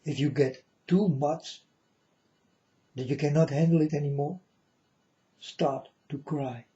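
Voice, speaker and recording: Speaking in a warm, fairly high voice with fairly even intonation, a man gives his viewers a casual spiritual monologue. He moves slowly and repetitively, frequently asking "you understand?", and the lo-fi recording is dull.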